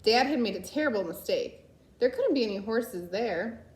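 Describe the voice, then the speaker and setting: A woman reading a children's novel aloud, unhurried, with occasional slips and self-corrections. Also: fairly high pitch, expressive, darkish tone. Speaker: reader. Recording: echoey room.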